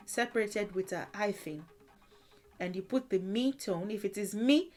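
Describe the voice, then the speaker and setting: Slow, patient woman language teacher. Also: medium pitch. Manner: unhurried, explanatory, sings tone names. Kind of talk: casual spoken lesson.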